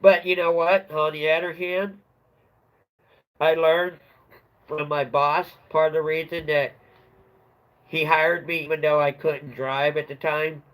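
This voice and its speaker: Casual host, middle-aged man, a touch high-pitched, rambling storyteller who chuckles often. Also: flat delivery, measured pace, pauses often, a bit bright, rough recording. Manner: chatty, rambling, laughs at his own story. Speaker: livestream host.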